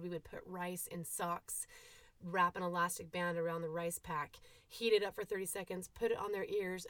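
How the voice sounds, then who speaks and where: 30s mom rambling thru a family story on her podcast, candid and lively, crisp bright voice, dead dry room. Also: lowish voice, dry recording. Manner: candid, animated, quotes herself in asides. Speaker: podcast host, mother of eight. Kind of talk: casual personal storytelling.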